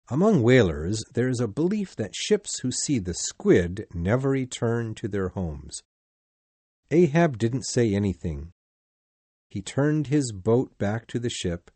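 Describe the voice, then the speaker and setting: A man narrating a storybook in a deliberate, expressive manner. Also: mid-range voice, breathy edge, dry recording. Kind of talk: scripted audiobook narration.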